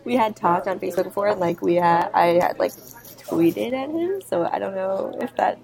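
A woman's voice: mid-range voice, expressive, moderate pace, creaky, over a noisy crowd. A seventeen-year-old girl chatting on a podcast, giggly and rambling. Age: teens. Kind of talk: casual chat.

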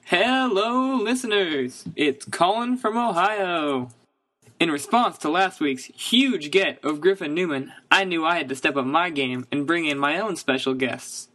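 A man's voice: on the high side, expressive, measured pace, sharp tone. A man introducing and narrating his own scripted comedy segment for a podcast. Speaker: fan contributor.

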